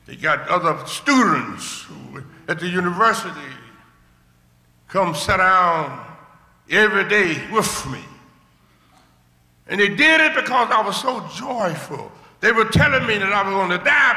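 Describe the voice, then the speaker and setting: Older male preacher, high gravelly voice, very bright, sermon testimony; hushed to shouting; long church reverb. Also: big pitch swings, unhurried. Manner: swings from hushed storytelling to shouted rejoicing. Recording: echoey hall with long reverb.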